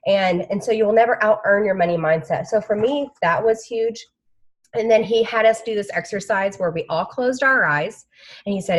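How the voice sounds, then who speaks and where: Woman, emotional testimony, rambling, video-call audio, mid-pitched voice. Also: moderate pace. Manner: emotional, rambling, with many fillers. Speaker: team member sharing a conference recap.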